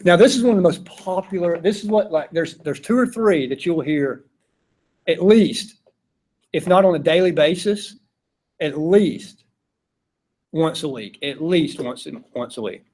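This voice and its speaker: Southern teacher lecturing in a classroom, slightly high voice, keeps asking "right?". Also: male voice, expressive, unhurried, a little mellow. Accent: Southern US, Georgia. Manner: conversational, peppered with rhetorical "right?" checks. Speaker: philosophy teacher.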